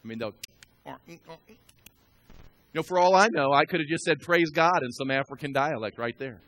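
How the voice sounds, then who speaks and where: Male pastor in church: high voice, chatty sermon with questions to the room, swells to loud emphatic preaching. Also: a little fast, dry recording. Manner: conversational, asks the congregation questions, builds to loud emphatic preaching. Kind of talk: live sermon. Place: church sanctuary.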